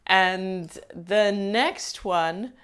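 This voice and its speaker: A woman's voice: medium pitch, drawn-out words, fairly bright tone, smooth. A woman hosting her own channel, chatting casually to viewers with rambling asides and frequent laughs. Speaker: host.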